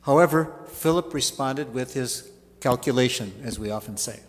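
A man's voice: medium pitch, moderate pace, big-room sound. A man preaching a sermon, telling stories with folksy asides. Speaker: pastor.

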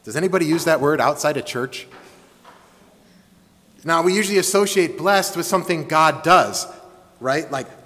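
A man's voice: on the high side, lively intonation, moderate pace, pauses often, sharp tone. A man preaching a sermon to his congregation, emphatic and engaging, with call-and-response. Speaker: pastor. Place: church sanctuary. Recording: long hall reverb.

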